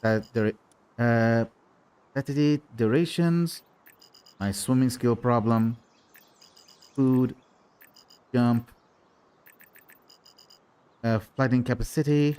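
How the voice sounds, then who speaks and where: A man's voice: mid-range voice, drawn-out words, long pauses, warm tone, clear, resonant tone. A man giving casual commentary on a playthrough of a video game, rambling and often restarting his sentences. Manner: rambling, with frequent restarts and repeated words. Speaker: gaming video host.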